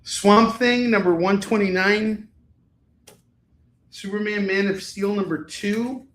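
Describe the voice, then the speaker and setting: A man with a high, fairly bright voice hosts a live comic-book sales stream, speaking slowly with fairly even intonation. He rambles casually and swears freely as he prices each book, in an echoey room.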